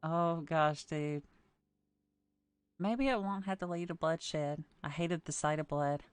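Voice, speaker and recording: A woman's voice: low voice, takes it slowly, smooth, dry recording. A woman streamer reading a visual novel's text aloud and breaking off with amused comments about the dialogue. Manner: amused asides, laughs at the dialogue.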